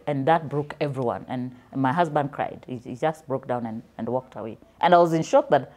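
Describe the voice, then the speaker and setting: A woman's voice: a bass voice, a little fast, darkish tone. A middle-aged woman with a Kenyan accent telling a personal story as an author and storyteller guest, earnest and often restarting her sentences. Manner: earnest, with frequent restarts and rising emphasis.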